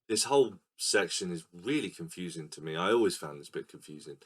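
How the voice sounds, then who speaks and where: A man's voice: low voice, expressive, fairly quick, husky. A man co-hosting a casual film podcast, explaining scenes and acting them out in silly voices. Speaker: podcast co-host. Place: recording room.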